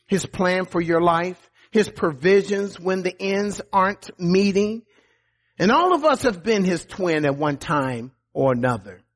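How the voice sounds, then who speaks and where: A man preaching a sermon as pastor, emphatic, often repeating words and dropping to quiet low lines. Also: husky.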